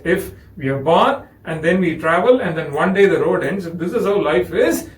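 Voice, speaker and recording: This high-pitched man, a spiritual speaker with an Indian English accent, brings a discourse story to life by acting out its characters' voices. The rough recording, made from a distance, sounds like an echoey room.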